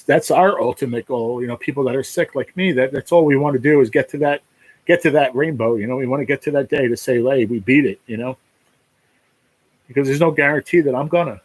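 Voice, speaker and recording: A man's voice: medium pitch, no echo, rough recording. Emotional, rambling man on a live stream. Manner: rambling, emotional, repeats "you know". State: close to tears. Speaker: livestream host. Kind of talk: casual live-stream chat.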